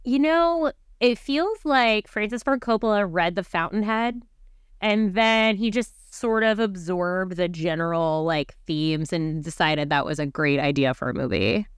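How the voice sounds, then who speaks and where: A woman's voice: on the low side, a little slow, clean tone, dry recording, clean studio sound. A woman co-hosting a casual podcast chat, chatty and reactive. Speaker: podcast co-host.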